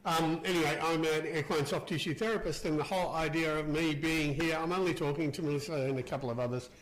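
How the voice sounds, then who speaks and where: A man's voice: on the high side, steady tone, fast, a little hiss or hum, rough recording. Chatty man hosting a live stream. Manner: chatty, greets viewers by name, laughs easily. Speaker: livestream host, equine soft tissue therapist. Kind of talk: casual live-stream chat with viewers.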